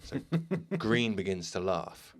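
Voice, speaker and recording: A man with a very low voice tells a spooky story in a podcast. He is casual, fills his pauses with ums and uhs, and lifts his voice whenever he quotes someone. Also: big pitch swings. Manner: retells a transcript with many ums and uhs, lifting his voice for quoted people. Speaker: podcast host.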